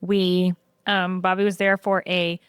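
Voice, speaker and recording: A woman guest in casual podcast chat, telling lively stories with frequent "um"s. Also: fairly low pitch, measured pace, clean tone, dry recording, clean studio sound. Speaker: podcast guest, brewery co-owner.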